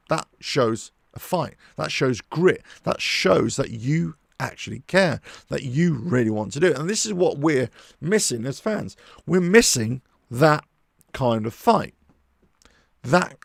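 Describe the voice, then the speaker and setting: Male fan-channel host, gravelly fry, dry close sound, fairly high voice, animated rambling monologue. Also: dry recording. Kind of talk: casual monologue.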